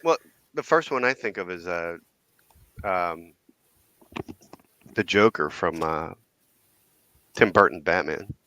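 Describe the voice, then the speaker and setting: A man joining a casual podcast chat, easygoing and quick to laugh. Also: low-pitched, lively intonation, sharp tone, slight background noise.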